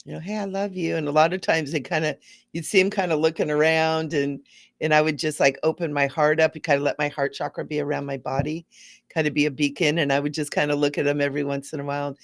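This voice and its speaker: A woman giving a casual, rambling spiritual talk to viewers, gently repeating words for emphasis. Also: low voice, flat delivery, fast, no room sound, clean studio sound. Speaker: spiritual teacher hosting a live stream.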